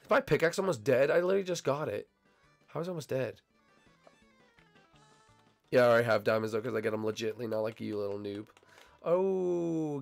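A young man casually commenting on his gameplay, bantering and teasing his teammates, his voice still a little hoarse as it recovers. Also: mid-range voice. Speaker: gaming channel host.

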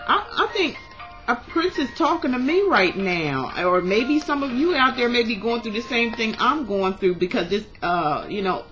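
A woman's voice: fairly high pitch, animated, normal speed, a bit bright, highs cut off, faint music behind. Passionate rambling woman tarot reader. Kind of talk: tarot reading vlog.

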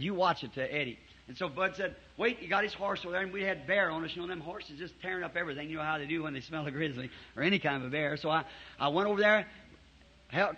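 A man preaching to a congregation, telling folksy stories with chuckles in a lively way, on a dull old tape recording. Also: high-pitched, breathy edge. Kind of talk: storytelling sermon. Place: church before a congregation.

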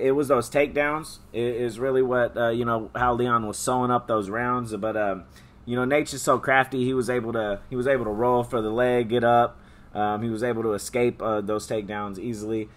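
Hoarse, halting man from California. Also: medium pitch, a bit bright. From Stockton, California. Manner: halting, many fillers and restarts. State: hoarse, losing his voice. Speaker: podcast co-host, MMA betting picks. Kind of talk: casual chat.

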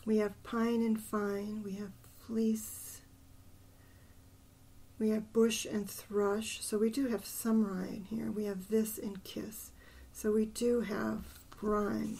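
An older woman hosting a poetry channel, thinking aloud and softly counting syllables under her breath as she picks a poem apart. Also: medium pitch, creaky, husky. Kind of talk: casual poetry analysis.

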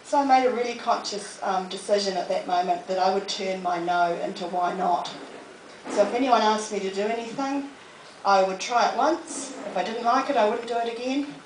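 A motivational speaker from New Zealand, middle-aged, delivers a humorous storytelling talk in a public library room, mocking herself and acting out quotes. Her mid-range voice moves at normal speed, recorded from afar in an echoey space with slight background noise.

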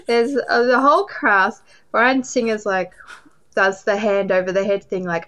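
A woman's voice: mid-range voice, a little slow, a bit bright. An Australian woman, a podcast guest, telling a story in casual chat, acting out quotes and laughing often.

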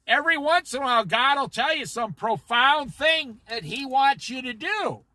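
A man's voice: very high voice, moderate pace, bright, forceful tone, dry recording. A man leading an informal Bible study, preaching emphatically and talking straight to his listeners.

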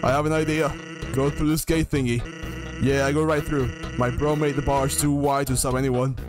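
A man voicing a laid-back, lazy male skeleton joker in a slow, low drawl, reading game dialogue on a livestream. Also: flat delivery, natural voice. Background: game music.

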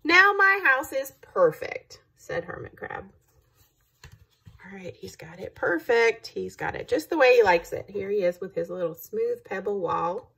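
A woman reading a picture book aloud to children, pausing to ask them questions. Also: medium pitch, animated, vocal fry, husky. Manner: engaging, asks the listeners questions.

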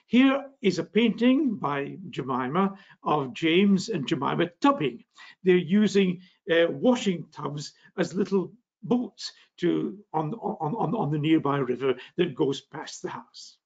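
A man's voice: on the high side, lively intonation, a little slow, creaky, a little mellow, husky, dull audio. An older man with a northeast Scottish accent giving a public science lecture, genial, with frequent fillers and restarts. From Scotland. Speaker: physics lecturer.

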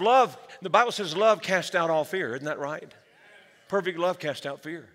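A man's voice: sits high, sharp tone. A man preaching a sermon as pastor, with energy, calling the church for amens. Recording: long hall reverb.

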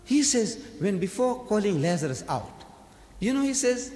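A man's voice: high-pitched, big pitch swings, fairly quick. Male lecturer, emphatic and rhetorical, recorded echoey and roomy from far off. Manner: emphatic, rhetorical, swings between loud and soft. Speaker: religious lecturer. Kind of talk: public lecture.

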